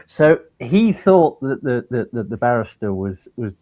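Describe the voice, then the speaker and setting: A man telling lively anecdotes as a guest on a talk show, heard over an online call. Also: mid-range voice. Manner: animated storyteller. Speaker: guest, a judge. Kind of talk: anecdotal conversation. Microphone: video call.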